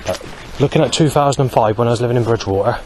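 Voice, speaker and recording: A man talking alone to camera in a rambling monologue, halting often to search for words. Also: mid-range voice, darkish tone, slight background noise. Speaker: vlogger.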